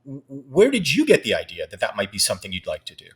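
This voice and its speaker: A man from New Jersey hosting a podcast, asking curious questions in relaxed conversation. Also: mid-range voice, fast, husky. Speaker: podcast host. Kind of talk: casual interview.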